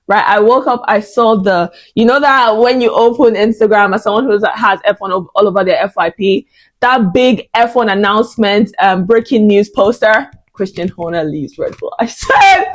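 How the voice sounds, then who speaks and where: A young woman talking straight to her audience in a relaxed vlog, her voice at a middle pitch. She is expressive and dramatic, with plenty of fillers and outbursts. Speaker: vlogger. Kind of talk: casual chat.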